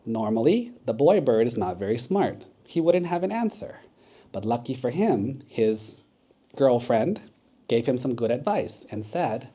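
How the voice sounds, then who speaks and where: Monk telling a kids story, casual chatty way, low mellow voice. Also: male voice, lively intonation, moderate pace, slightly rough. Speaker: Buddhist monk. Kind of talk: storytelling sermon for children.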